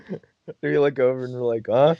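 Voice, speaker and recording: A man's voice: mid-range voice, fairly quick, creaky, dry recording. Young man telling a story, dull lo-fi sound. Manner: animated, laughing, swearing often, acting out friends' lines. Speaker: podcast host. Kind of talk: casual storytelling. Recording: dull dry lo-fi recording.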